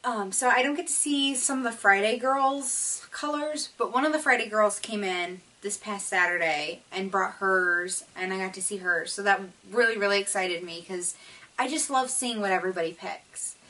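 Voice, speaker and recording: A woman chats casually as the host of a knitting video podcast, rambling from one thought to the next with plenty of "um"s and "like"s. Her voice is bright and a little tense. She sits somewhat back from the mic. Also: mid-range voice, moderate pace, recorded from a distance, low-quality recording. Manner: chatty and rambling, with many fillers and laughs. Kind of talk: casual chat.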